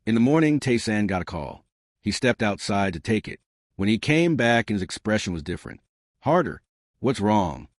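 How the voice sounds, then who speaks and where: A man narrating a scripted story in a measured, plain way. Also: fairly low pitch, sing-song, no echo, studio quality.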